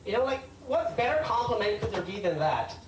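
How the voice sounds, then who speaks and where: A man's voice: high voice, big pitch swings, a little fast, slight background noise. A man doing a stand-up comedy set, rambling and hesitant, talking back to hecklers. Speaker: stand-up comic. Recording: roomy club sound from a distant mic with loud crowd.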